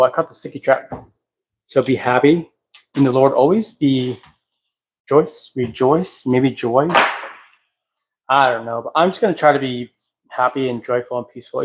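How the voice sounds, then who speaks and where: Casting: male livestream host, reflective and halting, talks to viewers from home, sometimes sings softly. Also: medium pitch, low-quality recording. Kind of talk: casual livestream talk. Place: at home, cleaning a house.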